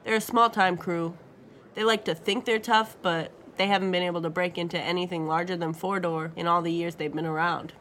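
A man's voice: high voice, steady tone, a little fast. Woman playing an accented jailed old father. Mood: confident. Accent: Spanish. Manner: warm teasing, slips into Spanish. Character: older jailed father, fond and teasing.

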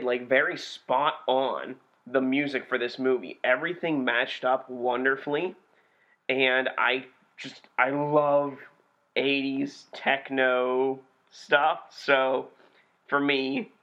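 A young man co-hosting a podcast, chatting casually with an animated, profane delivery. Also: mid-range voice, takes it slowly. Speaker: podcast co-host reviewing B movies. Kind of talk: casual chat. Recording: dull lo-fi podcast recording.

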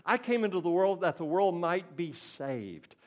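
A man's voice: high-pitched, big pitch swings, normal speed, a little mellow. An older man preaching a sermon in an earnest, conversational way, now and then acting out the voices of the people in his stories.

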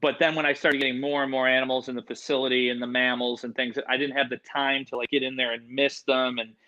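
A man who breeds reptiles, telling stories in casual chat with lots of fillers and swearing, getting animated. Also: medium pitch, fast talker, lo-fi sound.

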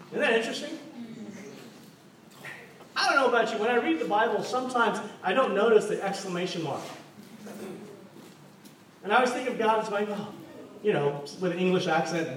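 A man's voice: high voice, sharp tone. A man preaching a sermon in a church, joking and asking the congregation questions. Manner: playful, jokes and asks the congregation questions. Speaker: pastor. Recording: echoey hall from far off, faint noise.

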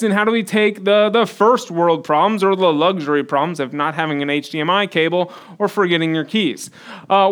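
A man giving a conversational sermon, acting out the quotes he reads. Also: sits high. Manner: conversational, animated, acts out quotes. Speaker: preacher.

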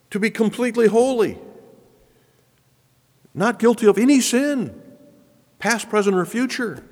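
A man delivers a sermon with an emphatic preaching cadence, his fairly high voice swelling and dropping as he drives each point home. His voice carries a long reverb, as if he were speaking in a large church hall.

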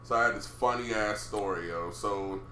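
A young man co-hosting a casual chat, animated and profane, getting loud when he retells what people said. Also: fairly low pitch, normal speed, a little hiss or hum. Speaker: podcast co-host. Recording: roomy room with faint ambience.

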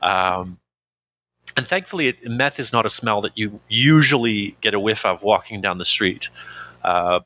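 A man talking openly in a conversational interview, pausing often with fillers and breaking into laughs. His voice sits a little low and comes across bright and forceful. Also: dry recording. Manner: reflective, hesitant with frequent fillers, laughs easily. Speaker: interview guest.

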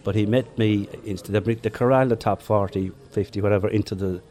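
An older man with a Limerick Irish accent recalls old races in an easy, chatty way. His voice sits low and mellow, with a dark, soft tone. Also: steady tone, a little fast. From Ireland. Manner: chatty anecdotes with chuckles. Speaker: interviewee, former marathon runner. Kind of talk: relaxed storytelling.

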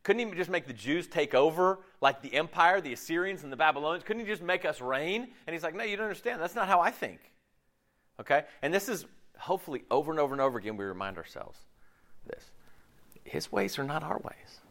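A middle-aged man preaching a casual, conversational sermon, chatty and animated, with slangy asides and frequent restarts. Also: fairly high pitch, brisk. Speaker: pastor.

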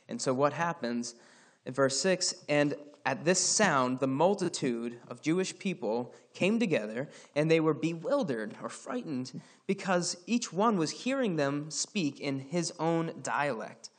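Man from scotland, casual bible teaching, slightly high voice, chatty with fillers, reads scripture aloud.

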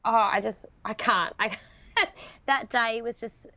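A woman's voice: a little high, measured pace, sharp tone, dry recording, dull audio. Heartfelt woman sharing a story. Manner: heartfelt, tearful at moments, talks through laughs. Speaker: podcast guest. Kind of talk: emotional storytelling interview.

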